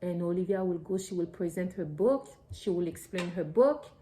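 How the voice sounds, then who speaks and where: A woman's voice: lowish voice, expressive, normal speed, dark tone, a little hiss or hum, poor audio. A woman, a mother of young children, talking earnestly and emotionally to her viewers in a personal vlog, in simple, loosely phrased English. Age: adult parent of young children. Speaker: mother sharing a personal story.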